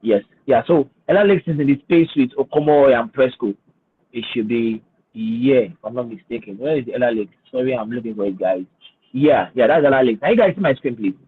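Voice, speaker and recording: A man's voice: mid-range voice, fairly quick. A man speaking as a finance guest on a webinar, hesitant and repeating words, then explaining with emphasis. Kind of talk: webinar talk with screen share. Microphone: video call. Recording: husky voice over a tinny phone-like line.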